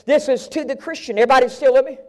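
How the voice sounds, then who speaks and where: High-voiced man preaching fervently. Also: rapid-fire. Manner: swings from hushed near-whisper to shouting; fervent, repetitive preaching cadence. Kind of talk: sermon. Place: live preaching event.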